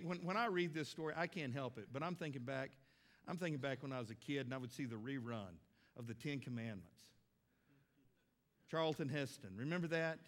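A man's voice: fairly high pitch, fairly bright tone. A middle-aged man preaching a sermon as a pastor, folksy and conversational with emphatic stresses.

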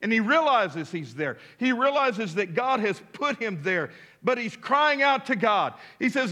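A male pastor preaches in a high, ringing, sharply bright voice. He drives his points home with emphasis, calling out for responses from the congregation and dropping in relaxed, conversational asides. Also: measured pace, hardly any pauses. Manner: casual asides amid preaching. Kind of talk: sermon. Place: church.

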